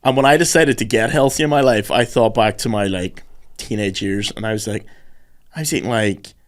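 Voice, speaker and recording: A man's voice: lowish voice, fairly quick. A man, a podcast guest in a casual chat, laid-back and swearing a lot. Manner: laid-back, swears often, says "lad".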